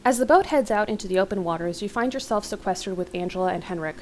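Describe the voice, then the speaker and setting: A woman's voice: mid-range voice, fast talker, darkish tone, a little hiss or hum, low-quality recording. A young adult woman reading an interactive horror novel aloud as a let's-play host, with casual, wry asides.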